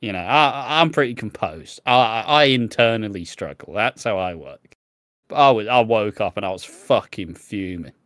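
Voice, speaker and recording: A man's voice: fairly low pitch, lively intonation, normal speed, fairly bright tone, no room sound, clean studio sound. A young English man co-hosting a podcast, telling a story in casual, sweary chat with frequent laughs. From England. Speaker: podcast co-host.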